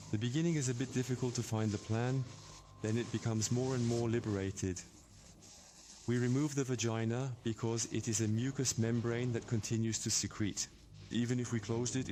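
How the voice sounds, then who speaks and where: A man, a surgeon, calmly explaining a procedure in technical terms as he works. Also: mid-range voice, a little hiss or hum.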